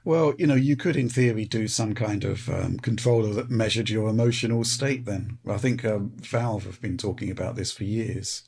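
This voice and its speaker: A low, gravelly male voice with a husky edge hosts a relaxed panel chat. He hesitates often and restarts his sentences. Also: normal speed, few pauses. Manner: hesitant, many ums and restarts. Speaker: host.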